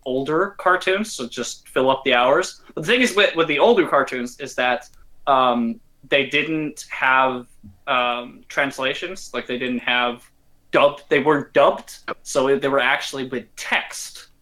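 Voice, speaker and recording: Bright-voiced man rambling. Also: medium pitch, a little slow, poor audio. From Norway. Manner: rambling, self-interrupting. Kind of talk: casual podcast chat.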